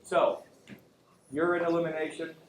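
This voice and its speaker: A man's voice: a little high, completely flat delivery, moderate pace. A man teaching an anatomy class, lecturing casually, joking and quizzing his students. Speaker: anatomy and physiology instructor. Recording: echoey classroom, faint room hum.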